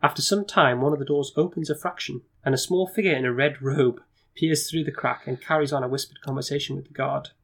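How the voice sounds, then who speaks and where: A man's voice: medium pitch, vocal fry, fairly bright tone. A man reading a fantasy gamebook aloud and hosting the playthrough, with asides and stumbles. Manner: brisk narration with stumbles and asides. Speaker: gamebook reader and host.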